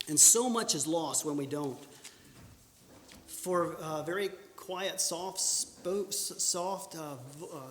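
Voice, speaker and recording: A man's voice: high-pitched, a bit bright, slight background noise. Earnest man teaching in an echoey church hall. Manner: earnest, self-correcting with many restarts and bursts of emphasis. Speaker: church speaker teaching public speaking. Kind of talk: instructional church talk.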